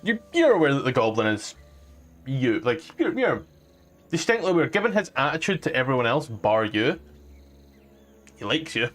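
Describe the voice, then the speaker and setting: Lively Scottish man running a game. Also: mid-range voice, moderate pace, pauses often, soft background music. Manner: casual, swearing, lively. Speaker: dungeon master. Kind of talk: narrating a tabletop game.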